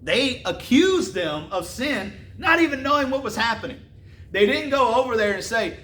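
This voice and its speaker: A man preaching a sermon who reads scripture slowly and then retells it in casual slang. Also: very high-pitched, animated, sharp tone, roomy sound, a little hiss or hum.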